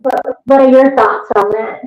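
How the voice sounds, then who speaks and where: A woman telling a story as an interview guest, lively and vivid. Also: high voice, moderate pace. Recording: roomy, muffled remote recording.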